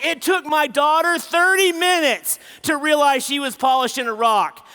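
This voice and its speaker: A man's voice: extremely high pitch, moderate pace, few pauses, bright, forceful tone. A middle-aged man preaching at a conference, emphatic, driving home key phrases by repeating them. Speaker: conference speaker. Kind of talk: sermon. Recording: long hall reverb.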